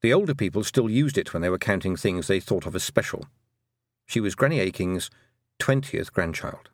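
Lively low-voiced male storyteller. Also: dry recording, studio quality. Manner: gently wry, unhurried storytelling. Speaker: narrator. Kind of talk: audiobook narration.

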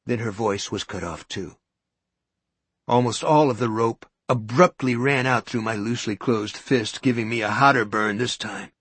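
A man reading a story aloud as narrator, with a measured, suspenseful delivery. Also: mid-range voice, a bit bright, slightly rough, no room sound. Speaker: audiobook narrator. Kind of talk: scripted narration.

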